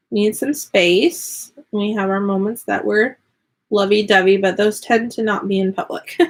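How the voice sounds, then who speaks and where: A woman's voice: mid-range voice, gravelly, breathy edge. Chatty, giggly woman crafting at home. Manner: chatty, giggly, rambling with fillers. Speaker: vlogger and online teacher. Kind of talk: casual live craft chat.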